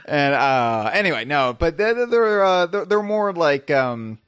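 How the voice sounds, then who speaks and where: A male podcast host chatting casually, rambling through jokes with many fillers. His pitch moves in an animated way, and the sound is dry and close. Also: unhurried, clear, resonant tone, no room sound. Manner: jokey, rambling, filler-heavy.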